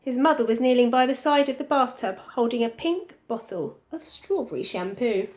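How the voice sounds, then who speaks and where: A woman teacher reading a picture book aloud to young children, pausing to ask them questions. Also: a little high, darkish tone, roomy sound.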